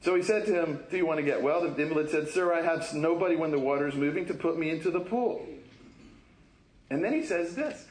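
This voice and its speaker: Animated man preaching in an echoey hall. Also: a little high, brisk, slight background noise. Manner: conversational, acts out quoted voices, laughs often. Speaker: pastor. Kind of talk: sermon. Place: church sanctuary.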